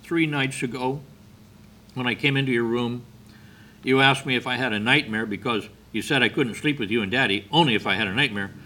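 A man's voice: medium pitch, a little fast, pushed and bright, slight background noise, natural voice. A man voicing an anxious, honest six-year-old girl in a sermon story, speaking earnestly. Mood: worried, confessing.

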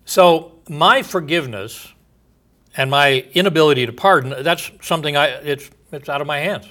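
A man's voice: a little high, moderate pace, bright, forceful tone. A man preaching a sermon as a pastor, reading scripture aloud and asking emphatic rhetorical questions.

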